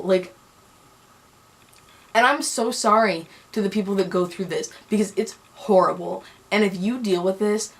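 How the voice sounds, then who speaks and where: A woman's voice: medium pitch, a bit bright. A young woman telling a personal story on a vlog, angry and heated, rambling with many restarts. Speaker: vlogger.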